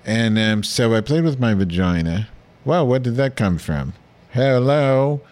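A man hosting a comedy podcast, telling a crude, meandering story in a deadpan, filler-heavy monologue. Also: mid-range voice, a little slow. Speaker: podcast host.

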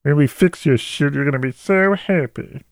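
A woman's voice: low-pitched, moderate pace, dry recording, studio quality, pitched above the performer's own voice. A man voicing an overly cheerful female phone service agent who gushes in a sing-song way. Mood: gushing. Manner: gushing, sing-song reassurance.

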